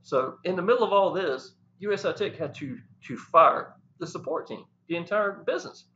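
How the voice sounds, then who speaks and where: A man talking to the camera, animated and preachy, often saying "y'all". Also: sits high, moderate pace. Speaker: network marketing promoter. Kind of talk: casual talk to camera. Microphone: camera mic. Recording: dull lo-fi sound.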